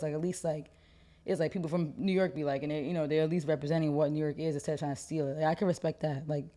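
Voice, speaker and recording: A young woman co-hosting a podcast, talking in an animated, opinionated and slangy way in casual chat. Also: low-pitched. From United States. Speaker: podcast co-host.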